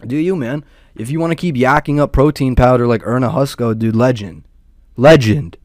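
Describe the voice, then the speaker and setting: A man's voice: mid-range voice, moderate pace, darkish tone, no echo. Profane rambling young guy, dry sound. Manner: loose and profane, lots of "dude" and "man". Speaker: podcast host. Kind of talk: casual rambling monologue.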